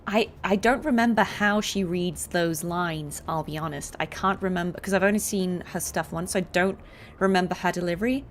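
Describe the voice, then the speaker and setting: Her voice on the low side and her pace moderate, a woman voice actor gives casual let's-play commentary with lots of fillers and meandering asides. Game audio sits under her voice, along with a little hiss or hum.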